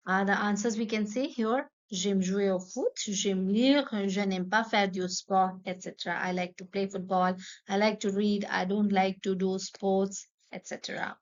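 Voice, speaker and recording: Woman, language teacher, encouraging, middle pitch, dull lo-fi audio. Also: fairly even intonation. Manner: slow, encouraging teaching delivery with repeated examples. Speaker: French teacher. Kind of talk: online language lesson.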